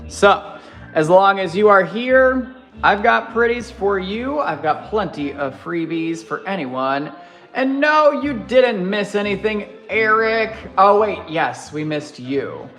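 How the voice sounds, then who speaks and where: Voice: mid-range voice, lively intonation, slow, fairly bright tone, faint music behind. A live-stream crystal seller chatting casually through a sales show, gushing and jokey, reading comments aloud and greeting viewers by name.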